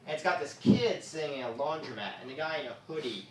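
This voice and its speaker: A man performing a stand-up comedy set on a club stage, with quick asides as he moves between jokes. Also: a little high, a little hiss or hum. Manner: lively, joke-driven, quick asides. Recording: echoey club from far off.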